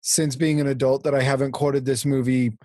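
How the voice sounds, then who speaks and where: A man's voice: medium pitch, level tone, brisk, a little mellow, no echo, studio quality. A man co-hosting a casual podcast, talking enthusiastically and quoting a film. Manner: enthusiastic, says dude, quotes movie lines. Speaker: podcast co-host. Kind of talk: casual chat.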